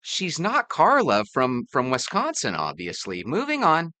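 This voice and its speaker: A man's voice: fairly high pitch, wildly swooping pitch, a little slow, bright, forceful tone, no room sound. A man hosting a reaction video, commenting in a theatrical, teasing way.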